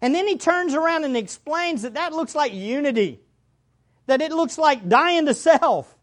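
A woman preaching a sermon, speaking to her listeners directly, repeating key phrases and swinging between loud and hushed. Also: sits high, animated, normal speed. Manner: addresses the congregation directly.

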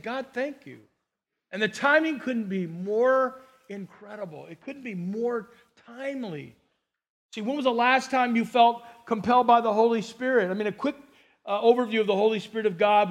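High-voiced male pastor preaching. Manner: earnest, stammers and repeats words. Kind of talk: sermon.

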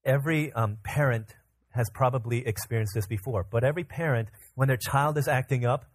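A pastor preaching a sermon, retelling a story in a lively way with restarts and fillers. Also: male voice, mid-range voice, fairly quick.

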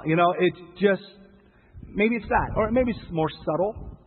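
A man's voice: high voice, a little slow, husky. Emphatic male preacher in a reverberant hall. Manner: conversational, emphatic preaching with quoted voices and repetition. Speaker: pastor. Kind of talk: sermon. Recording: tinny phone-like sound with long hall reverb.

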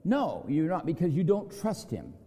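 A man's voice: moderate pace, breathy edge. Preacher man in a reverberant hall. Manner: storytelling with acted quotes, lively pitch swings. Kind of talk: sermon.

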